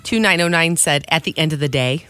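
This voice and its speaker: A woman's voice: low-pitched, brisk, a bit bright, clean tone, no echo, soft background music. A woman co-hosting a morning radio show, playful as she reads out listener texts in casual studio banter. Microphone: studio microphone.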